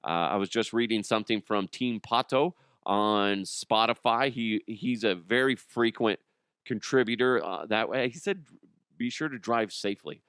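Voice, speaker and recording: Podcast guy rambling and joking around, smooth clear voice, dry close mic. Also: on the low side, moderate pace, fairly bright tone, no echo. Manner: rambling, jokey, slips into impressions. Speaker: podcast host. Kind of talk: casual comedic monologue.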